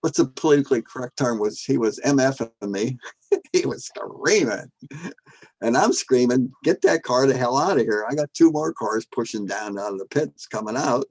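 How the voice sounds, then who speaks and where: A man in his seventies, a guest telling an anecdote in a lively way, acting out the shouting in his quotes and laughing between lines. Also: medium pitch, normal speed, no room sound, low-quality recording. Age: 70s. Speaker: guest, former drag strip starter.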